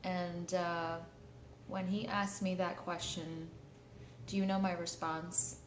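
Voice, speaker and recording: A woman's voice: fairly low pitch, flat delivery, takes it slowly, a little hiss or hum. Candid woman talking in an echoey room. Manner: candid, many fillers and restarts. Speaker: live-stream host. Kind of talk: candid personal talk to live viewers. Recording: echoey room, faint ambience.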